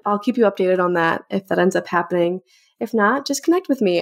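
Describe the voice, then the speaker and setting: A young woman hosting a podcast segment, speaking in a heartfelt, grateful way and getting a little emotional. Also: medium pitch. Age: young adult. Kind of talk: casual personal talk to camera.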